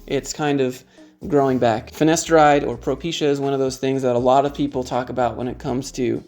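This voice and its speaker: A man's voice: medium pitch, steady tone, brisk, darkish tone, faint music behind. A man in his thirties talking frankly to the camera in a casual vlog, joking as he goes. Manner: frank, joking, conversational, shows items to the camera. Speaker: YouTube creator.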